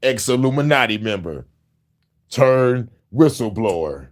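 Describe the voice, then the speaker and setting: A man's voice: mid-range voice, sing-song, a little slow. A middle-aged man hosting a loose, profane show, rambling and laughing between riffs. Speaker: host. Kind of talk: casual chat.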